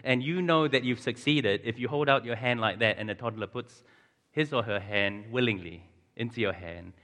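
New man, 30s, conversational preacher, bright forceful tone, long hall reverb. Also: mid-range voice, moderate pace. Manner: chatty, audience questions, frequent chuckles. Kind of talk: conversational sermon. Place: large church hall.

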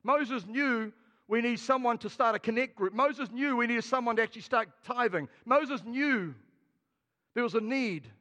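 A man's voice: very high-pitched, moderate pace, long reverb tail. A man with a New Zealand accent preaching a sermon as a pastor, telling stories with jokes. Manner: storytelling, jokey, lively.

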